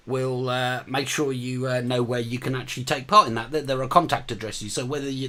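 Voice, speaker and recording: A man co-hosting a casual online chat show, talking in a halting way with many fillers and restarts. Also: mid-range voice, sharp tone. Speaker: co-host.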